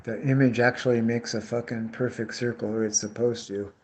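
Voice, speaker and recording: A man's voice: medium pitch, little pitch movement, a little fast, a little mellow. A middle-aged man chatting casually and swearing a lot while he rants about old bosses and work crews. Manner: profane, ranting storyteller. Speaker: vlogger cutting bottles. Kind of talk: casual rambling chat. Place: tree care worker.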